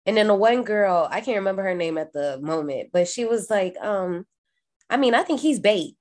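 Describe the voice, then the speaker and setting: A woman co-hosting a relaxed horror recap podcast talks at normal speed. Energetic and cursing, she often pitches her voice way up when acting out quotations.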